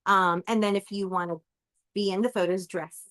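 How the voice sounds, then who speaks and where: A woman's voice: medium pitch, fairly even intonation, moderate pace, fairly bright tone. A woman co-hosting a casual live chat in a restaurant, reading viewer comments aloud and laughing easily.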